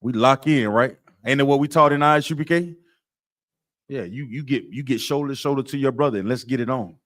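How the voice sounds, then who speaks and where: A man's voice: mid-range voice, a little fast, fairly bright tone. Emphatic man teaching scripture. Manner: emphatic, streetwise, repetitive. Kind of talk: preaching-style class lecture.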